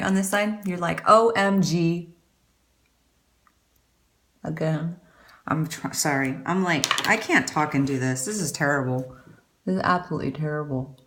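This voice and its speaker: A woman chatting casually through a makeup tutorial, rambling and poking fun at herself. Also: lowish voice. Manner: chatty, rambling, self-deprecating. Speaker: beauty vlogger.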